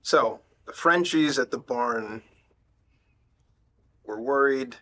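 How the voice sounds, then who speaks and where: A man's voice: mid-range voice, slow pace, pushed and bright. A man playing a tabletop game in a blunt, dry way. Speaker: player. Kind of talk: casual tabletop play.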